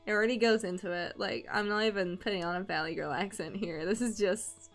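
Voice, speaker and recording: A woman's voice: mid-range voice, normal speed, fairly bright tone, soft background music. A woman streamer with a mixed Canadian and American accent chatting casually, breaking into giggles often between phrases. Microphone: desk microphone.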